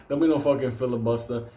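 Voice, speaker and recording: Brisk and dark-toned at a medium pitch, a man rambles through a casual rant as host, swearing nonstop. He jokes loosely and frequently bursts out laughing, captured with roomy echo and faint background noise.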